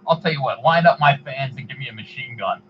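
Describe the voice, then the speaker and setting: A man doing an impression of a grumbling, cranky elderly comic-book legend, speaking gruffly, slowly and emphatically. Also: mid-range voice, muffled recording, very noisy, voice pushed up, close to an everyday voice. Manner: gruff, cursing, slow and emphatic.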